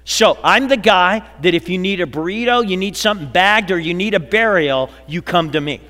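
Guy preaching, high bright voice, goes slow and quiet for the big lines, echoey church. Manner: dramatic preaching, slows and drops to a hush for emphasis; acts out quoted people in a lively voice. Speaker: pastor. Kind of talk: sermon. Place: large church auditorium. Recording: long hall reverb, church sanctuary.

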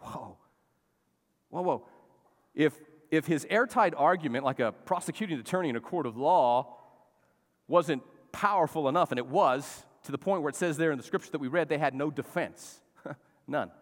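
A middle-aged pastor preaches in a church, urging his congregation on and calling for their responses. His voice is a little high and moves at a moderate pace, with the long reverb of a church hall around it.

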